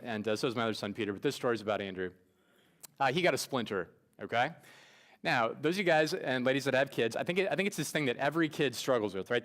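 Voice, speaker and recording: A man's voice: mid-range voice, fairly bright tone. A pastor in his thirties preaching a sermon in a church, talking loosely and conversationally with frequent restarts and filler words. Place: church sanctuary.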